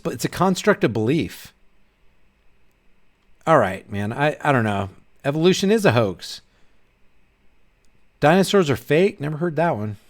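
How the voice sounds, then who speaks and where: A man hosting his channel, ranting in a casual livestream, rambling and animated with frequent restarts. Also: on the high side. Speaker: channel host.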